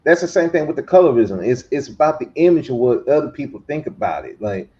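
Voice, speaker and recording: A man giving casual spoken commentary as a podcast panelist, talking in long animated runs that climb to emphatic points. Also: quick pace. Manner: animated, builds to emphatic higher pitch. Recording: dull lo-fi stream audio.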